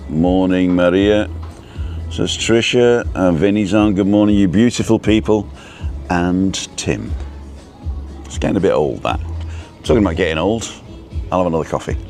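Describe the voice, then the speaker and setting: A man's voice: low voice, a little mellow. A man hosting a casual live stream outdoors at a viewpoint cafe, reading a menu aloud and chatting with viewers.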